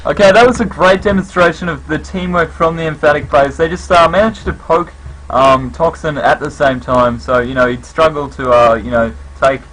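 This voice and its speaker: Bright-voiced male esports caster. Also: fairly high pitch, normal speed, a little hiss or hum, low-quality recording. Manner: casual, filler-heavy, conversational. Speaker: esports commentator. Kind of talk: live esports play-by-play commentary.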